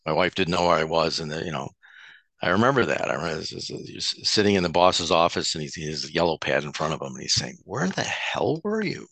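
A man sharing his personal testimony at a support meeting, halting and often restarting his words. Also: rumbling low, a bit bright, dry recording. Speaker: recovery speaker at a support meeting.

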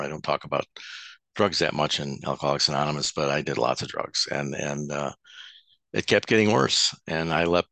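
A man sharing his personal testimony at a support meeting, halting and often restarting his words. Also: rumbling low, gravelly, fairly bright tone, no room sound. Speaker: recovery speaker at a support meeting.

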